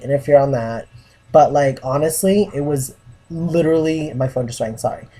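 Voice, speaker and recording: Husky, warm-voiced young man chatting away. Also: mid-range voice. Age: young adult. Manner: chatty storytelling with many "like" fillers. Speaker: vlogger. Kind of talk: casual chat to camera.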